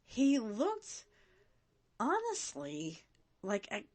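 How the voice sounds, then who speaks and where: A woman's voice: a little high, huge pitch swings, extremely slow. A woman hosting a casual watch-along podcast, chatty and rambling, often breaking into laughs. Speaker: podcast host.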